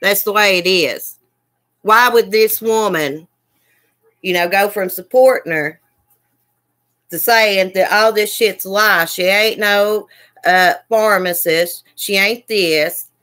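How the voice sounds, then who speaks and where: A woman's voice: medium pitch, takes it slowly, fairly bright tone. A woman ranting angrily on her livestream, swearing and repeating herself. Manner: heated, cussing, repetitive. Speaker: livestream host. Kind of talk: angry livestream rant.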